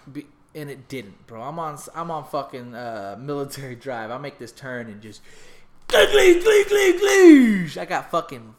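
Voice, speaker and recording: A man's voice: medium pitch, moderate pace, few pauses, fairly bright tone, slight background noise. A man hosting a podcast, telling a long profane story in casual chat, acting out voices and sound effects. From half Mexican. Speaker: podcast host.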